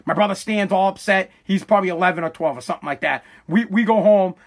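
Man from Massachusetts, podcast host, high-pitched, ranting, profane, fiery monologue. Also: quick pace.

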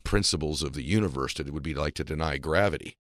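Man, podcast host, very low voice, earnest and reflective, dry close sound. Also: fast, dry recording. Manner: earnest, reflective, emotional at times. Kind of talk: heartfelt interview conversation.

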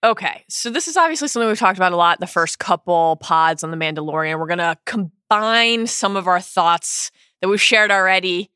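Co-host, woman, bright bubbly delivery, dry close studio sound. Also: lowish voice, animated, clear, resonant tone, dry recording. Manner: bubbly, laughs often, quick bursts. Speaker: podcast co-host. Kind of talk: casual podcast chat.

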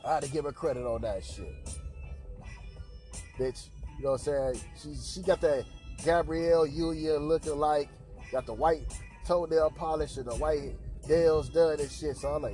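A man's voice: fairly high pitch, moderate pace, warm tone, faint music behind. A man hosting a podcast, telling a crude anecdote in a profane, slangy way with lots of repeated filler tags. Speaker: podcast host.

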